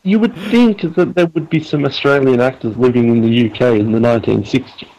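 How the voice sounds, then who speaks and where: Brief: wry gravelly podcaster, man, mid pitch. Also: brisk, a little mellow, lo-fi sound. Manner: wry, knowledgeable, frequent ums. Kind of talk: casual film discussion.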